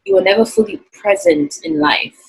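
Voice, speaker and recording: A woman's voice: mid-range voice, normal speed, breathy edge, poor audio. A woman from Zambia, earnestly and reflectively telling a personal story in an interview. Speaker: interview guest.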